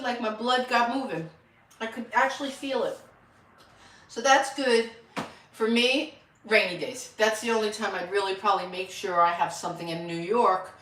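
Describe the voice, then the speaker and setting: A woman's voice: mid-range voice, normal speed, fairly bright tone. An older woman chatting casually on a live stream, counting out exercise reps and rambling about her day. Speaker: lifestyle channel host. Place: home room with a mirror. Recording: echoey room, voice from a distance.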